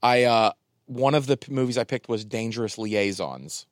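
An excitable man chatting casually on a podcast, his talk loose and full of slang. His voice sits at a middling pitch. The sound is dry and close, with no room around it. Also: moderate pace, no room sound. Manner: excitable, slangy, says dude a lot. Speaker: podcast co-host. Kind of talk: casual chat.

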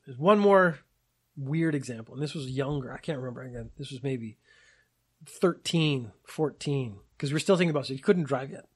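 A husky man in his late forties tells a personal story from his youth. His tone is reflective and wry, and he drifts off on tangents before coming back to the point. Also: mid-range voice, moderate pace. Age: 40s. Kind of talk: personal anecdote monologue.

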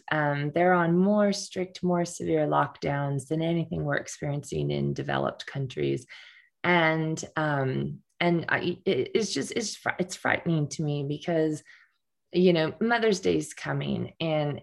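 Gravelly-voiced earnest woman storyteller. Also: deep voice. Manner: earnest, frequent restarts and repetitions. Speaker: guest. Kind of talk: personal storytelling in conversation.

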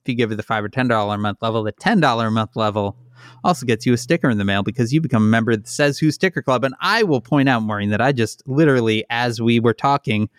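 A man's voice: mid-range voice, fast, clear, resonant tone, no echo, clean studio sound. A man co-hosting a podcast from his home basement, running through the credits in a wry, easygoing way. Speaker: podcast co-host. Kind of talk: casual chat and show credits.

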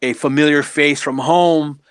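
A man's voice: fairly high pitch, unhurried, clear, resonant tone, no echo. A man, a wrestling promoter, telling backstage stories in casual chat, laughing and acting out what people said. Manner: animated, laughing, acts out quotes.

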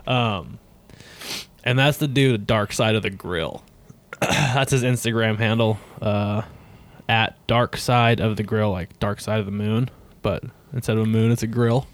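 A man's voice: fairly low pitch, steady tone, a little slow. A man co-hosting a podcast in casual chat, laughing often and swearing casually as he gushes. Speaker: podcast co-host.

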